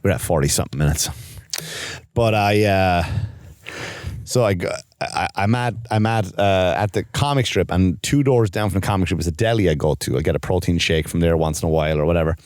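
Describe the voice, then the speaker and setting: A man's voice: low-pitched, fairly quick, dry recording, studio quality. A man co-hosting a casual comedy podcast, telling stories with lots of swearing and acting out the other people in them. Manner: animated storyteller, acts out quoted exchanges; swears freely, self-mocking.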